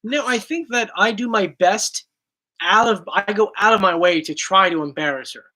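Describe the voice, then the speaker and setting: A man's voice: high-pitched, moderate pace, sharp tone. Goofy man telling playful stories. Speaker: YouTube host. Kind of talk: casual Q&A chat.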